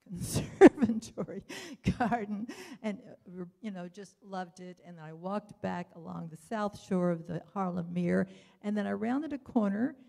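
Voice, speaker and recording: A woman's voice: medium pitch, creaky, warm tone. An older woman giving rambling, chatty public testimony at a hearing, full of wry asides.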